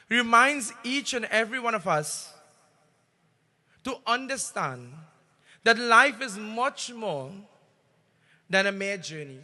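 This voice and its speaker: A Trinidadian man preaches with a high voice that pushes up and grows loud on the lines he stresses. His tone is very bright and forceful. He sounds like a pundit giving a devotional talk. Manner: emphatic, swells louder on key phrases. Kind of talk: devotional sermon with storytelling.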